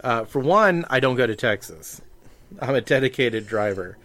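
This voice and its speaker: A man's voice: mid-range voice, animated, moderate pace, a bit bright. A man talking casually on a podcast, plain and matter-of-fact. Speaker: podcast regular.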